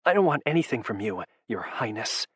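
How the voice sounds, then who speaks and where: A man voicing a furious young captive woman with a raspy, shrill voice in an audiobook. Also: very animated, brisk, a bit bright, no room sound, clean studio sound, heavily acted. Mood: defiant angry. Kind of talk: audiobook narration.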